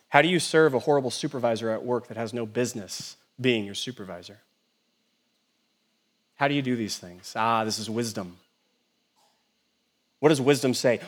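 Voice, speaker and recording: A middle-aged man, a pastor, preaching an animated sermon, swinging between loud and hushed and asking the congregation many rhetorical questions. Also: mid-range voice.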